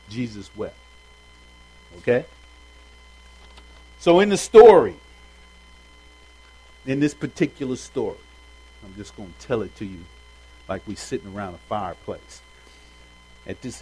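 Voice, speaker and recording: Man, middle-pitched voice, informal Bible study teacher, slangy, conversational, talks straight to his group. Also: low-quality recording. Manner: chats directly with the audience.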